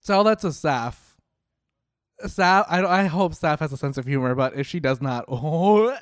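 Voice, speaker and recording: A young man with a slightly high voice riffs sarcastically as he reacts to a video, tossing off quick jokes and swearing casually. The sound is close and dry, with no room around it. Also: lively intonation, no echo.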